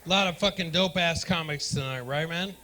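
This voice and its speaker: A man works a club crowd as a stand-up comic, loud and profane. His voice sits high for a man and has a bright, sharp edge. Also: brisk, slight background noise. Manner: loud, profane, riffing with the audience. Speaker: stand-up comedian hosting the night. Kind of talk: stand-up comedy with crowd work. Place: comedy club stage.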